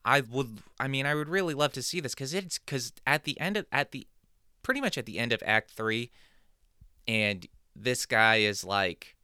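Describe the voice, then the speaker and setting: A man's voice: mid-range voice, normal speed, sharp tone, clean tone, dry recording, clean studio sound. A man hosting a podcast, telling a casual comedic monologue in a rambling, digressive, self-deprecating way. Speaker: podcast host.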